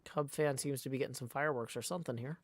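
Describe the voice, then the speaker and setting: This man talks fast and steadily in a mid-range voice, with no echo in the recording. He's live-streaming a card game, giving a playful play-by-play of his moves and cracking jokes as he chats.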